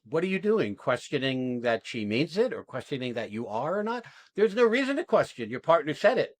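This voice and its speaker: A man's voice: a little high, very animated, a little fast, hardly any pauses, dry recording. A man coaching actors through an exercise, talking in an emphatic, blunt way and swearing freely. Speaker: acting coach. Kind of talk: coaching an acting class demo.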